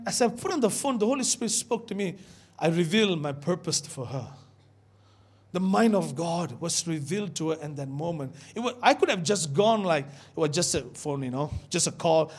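A man with a notably high voice preaches to his church. He tells a personal story with emphasis, repeating words and calling out to the congregation. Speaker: pastor. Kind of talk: sermon with storytelling.

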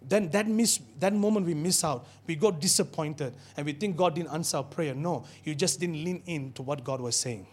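A man preaching to his church with a high, lifted voice. He keeps the sermon animated and pulls the congregation into call-and-response. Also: moderate pace, hardly any pauses, slightly rough.

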